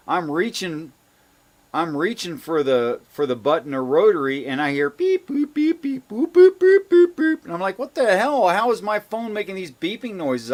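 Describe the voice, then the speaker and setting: Man with a higher voice telling stories. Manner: storytelling, mimics phone beeps. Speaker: podcast host. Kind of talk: casual group chat.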